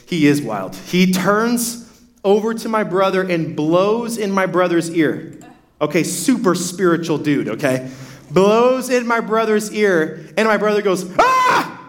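A man's voice: high voice, expressive, measured pace. A young adult man, a pastor, preaching a sermon in a casual storytelling way, full of "like" fillers and restarts.

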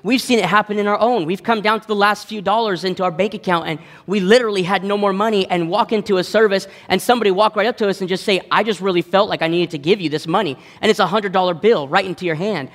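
A man in his thirties preaching a sermon, telling a story against himself with lots of energy. He acts out the voices of the people in his stories. His voice is fairly high, and it rings out with a long reverb in a church hall. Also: fast, few pauses, a bit bright. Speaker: pastor.

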